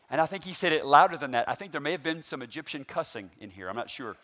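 A man preaching a sermon, animated and full of rhetorical questions to the congregation. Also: fairly high pitch, fast talker, hardly any pauses. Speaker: pastor.

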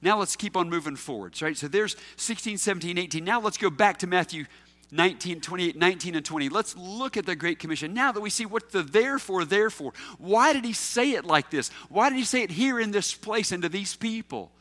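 Animated high-voiced preacher in a hall. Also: male voice, fairly quick. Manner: animated, emphatic preaching with rhetorical questions. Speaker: pastor. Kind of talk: sermon.

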